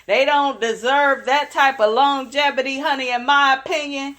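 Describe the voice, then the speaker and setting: A woman's voice: high voice, fairly even intonation, normal speed, a bit bright. A young woman hosting a reality show recap, chatting casually in a sassy, opinionated way and calling her viewers "honey.". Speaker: recap channel host.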